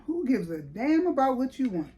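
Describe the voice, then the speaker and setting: Middle-aged lady vlogging, chatty and animated, kinda high voice. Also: normal speed, dull audio, slight background noise. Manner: animated, lively retelling with quoted voices and laughs. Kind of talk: casual storytelling chat.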